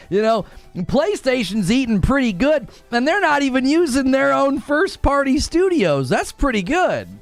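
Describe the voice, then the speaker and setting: A man with a very high voice hosts a live gaming talk stream, reading out viewer super chats, cracking sarcastic jokes, and laughing often. There is no echo on the recording.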